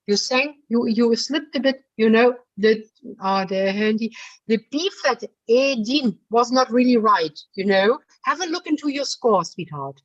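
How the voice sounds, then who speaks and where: A woman's voice: fairly high pitch, lively intonation, measured pace. A woman leading a singing masterclass, coaching a singer bluntly but affectionately and calling her darling. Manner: blunt, chatty, full of fillers. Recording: dull lo-fi recording.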